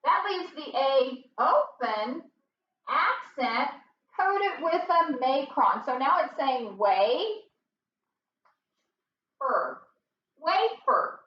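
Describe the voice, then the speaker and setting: High-pitched slow-talking woman teacher. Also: animated, slight background noise. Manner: patient, encouraging, slow and drawn-out. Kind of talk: classroom phonics lesson. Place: classroom. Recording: roomy and dull, from far off.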